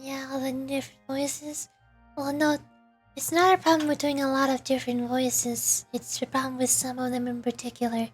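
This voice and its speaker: High-voiced woman streamer, chatty and casual, faint music under. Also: flat delivery, normal speed, husky. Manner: chatty, self-commenting, laughs often. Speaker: voice-acting streamer.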